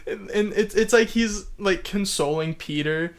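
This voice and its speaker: A man with a somewhat high voice talks through viewer comments in a casual, joking way. He is amused throughout, dropping sarcastic asides and frequent little laughs. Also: measured pace. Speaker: YouTube commentator.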